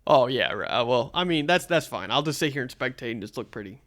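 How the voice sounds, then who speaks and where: A young man talks casually as a podcast co-host, sitting at a middle pitch. He rambles, doubling back and filling gaps with ums and likes. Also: expressive, fast talker, fairly bright tone. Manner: rambling, many fillers and restarts. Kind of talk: casual chat.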